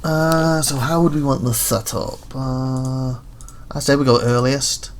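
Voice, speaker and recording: A man's voice: medium pitch, steady tone, slow. A man hosting a gaming video, rambling and thinking aloud as he reads through game menus. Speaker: gaming channel host. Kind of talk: casual gameplay commentary.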